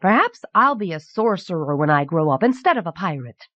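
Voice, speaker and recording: A woman voicing a petulant, excitable little prince boy who whines and pouts, heard on a dull, dry old cassette recording. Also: lowish voice, a little fast, no echo. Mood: wistful. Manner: whiny and pouting, then breathless with awe.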